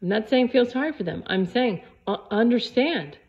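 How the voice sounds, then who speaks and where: A woman's voice: on the high side, expressive, moderate pace, vocal fry, a little mellow, highs cut off. Emphatic woman giving a spiritual pep talk. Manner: repetitive, emphatic, preachy. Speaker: yoga and spiritual vlogger.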